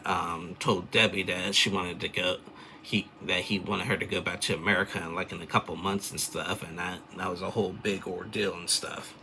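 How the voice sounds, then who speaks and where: A man's voice: deep voice, pushed and bright, slight background noise. A man casually recapping a reality TV episode, rambling and chatty with lots of fillers. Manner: rambling, chatty, loose filler-heavy storytelling.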